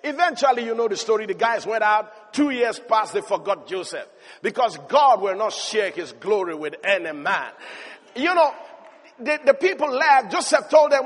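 A high-pitched male preacher delivers a fervent sermon. He moves between loud, urgent calls to the congregation and quieter, lower storytelling. His voice rings with the long reverb of a large hall. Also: lively intonation, moderate pace. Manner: passionate, swinging between loud exhortation and low storytelling. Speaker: pastor.

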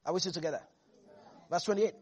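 A preacher delivering a lively sermon to a congregation, laughing often and acting out Bible characters in different voices. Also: mid-range voice, fast, slightly rough, muffled recording. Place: church with a congregation.

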